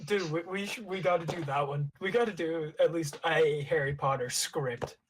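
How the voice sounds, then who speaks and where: A young man with a fairly high voice chats in a relaxed, amused way and swears casually. Faint noise runs behind him. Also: normal speed. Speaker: podcast co-host. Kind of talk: casual chat and reading stage directions.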